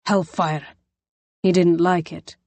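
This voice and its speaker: A woman narrating an audiobook in a measured storytelling manner. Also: fairly low pitch, fairly even intonation, a little mellow, no echo. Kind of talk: scripted narration.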